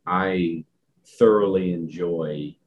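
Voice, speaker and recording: Low-voiced male podcast host, loose and rambling, self-deprecating humor. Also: slow, dull audio. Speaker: podcast host and dog trainer. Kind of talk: casual podcast chat.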